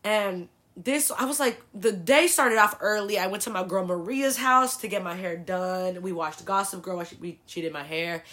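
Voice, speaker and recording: A woman's voice: medium pitch, moderate pace, hardly any pauses, a bit bright. A young woman from the San Francisco Bay Area, hosting a podcast and telling a rambling, profane story with a lot of "like". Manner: profane, rambling, heavy use of like. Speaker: podcast host. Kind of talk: casual storytelling.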